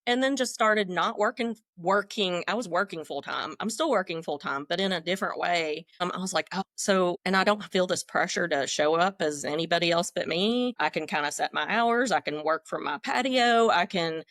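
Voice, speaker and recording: A woman's voice: on the low side, normal speed, hardly any pauses, a bit bright, no echo. A middle-aged woman talking as a podcast guest, telling her own story in a frank, talkative, self-deprecating way. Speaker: guest, leadership coach. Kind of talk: candid conversational storytelling.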